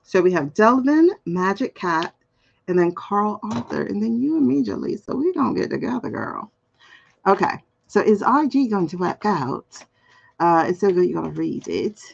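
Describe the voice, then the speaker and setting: A woman's voice: medium pitch, animated, moderate pace, gravelly, highs cut off, a little hiss or hum. A woman in her forties hosting a casual tarot live stream, chatty and playful, reading chat comments aloud and laughing often. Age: 40s. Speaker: tarot card reader, livestream host.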